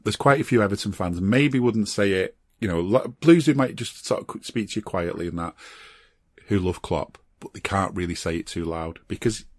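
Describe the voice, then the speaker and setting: A man co-hosting a podcast in quick, emphatic casual chat. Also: lowish voice, dry recording. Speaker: podcast co-host.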